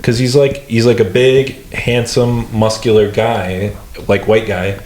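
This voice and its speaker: A man's voice: lowish voice, flat delivery, a little slow, a little mellow. A young man co-hosting a comedy podcast, rambling casually with lots of fillers and hesitations. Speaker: podcast co-host. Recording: echoey room, faint noise.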